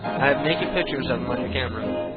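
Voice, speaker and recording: A man's voice: mid-range voice, fast. A man hosting a radio show, talking in a loose, crude, offhand way. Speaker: host. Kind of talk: casual radio show chat. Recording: phone-like lo-fi sound with loud music. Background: loud music.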